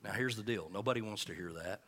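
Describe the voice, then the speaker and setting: Male pastor, lower register, pointed edgy delivery; casual preaching with jokes and call-and-response. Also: a bit bright. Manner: folksy, joking asides, scripture read slowly. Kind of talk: conversational sermon with call-and-response.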